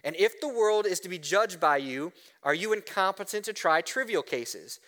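A man preaching a sermon, animated, often asking "right?" and restarting words. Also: high-pitched, normal speed. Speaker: pastor.

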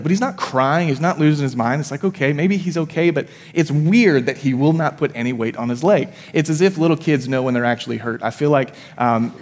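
A man in his thirties, a pastor preaching a sermon in a church, telling a personal story in a conversational way with self-deprecating asides. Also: mid-range voice. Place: church sanctuary. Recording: long hall reverb.

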